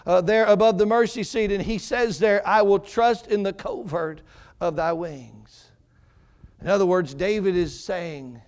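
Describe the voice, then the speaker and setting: A man preaching a sermon, dropping to hushed low passages and rising into fervent emphasis. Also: smooth.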